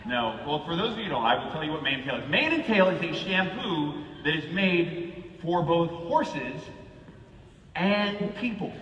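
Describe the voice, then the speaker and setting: A man's voice: a little high, noisy background. A man giving a comic keynote talk, telling stories and acting out the people he quotes. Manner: animated, acts out quoted people. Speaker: keynote speaker. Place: large event hall. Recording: echoey hall, far from the mic, dull sound.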